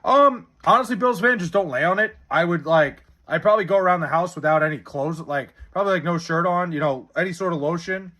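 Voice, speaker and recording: A man's voice: high voice, fairly quick, few pauses, pushed and bright. A young man from Long Island, casually chatting with viewers on a livestream and swearing freely as he rambles through their comments. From Long Island, New York. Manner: profane, rambling, jokey. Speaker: livestream host reading chat. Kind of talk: casual live-stream chat.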